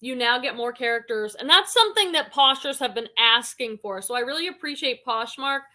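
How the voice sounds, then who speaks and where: A woman's voice: sits high, animated, a little fast, bright, forceful tone. A woman hosting a casual live stream, reading viewer comments aloud and chatting about them. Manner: chatty, reads comments aloud then reacts.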